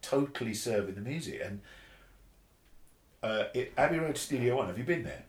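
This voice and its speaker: A man, a bass player telling a story in a casual interview, animated and swearing freely, acting out the voices of others. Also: normal speed. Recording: roomy echo.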